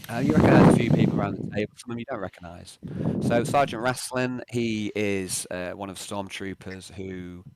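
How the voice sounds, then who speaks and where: A man narrating a tabletop role-playing game as game master, halting often with fillers and restarts. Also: fairly low pitch, background noise.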